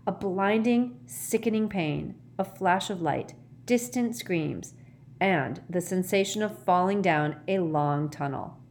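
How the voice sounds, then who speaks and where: A woman narrating a storybook in an expressive, dramatic way. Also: lowish voice, takes it slowly, a little hiss or hum. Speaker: audiobook reader.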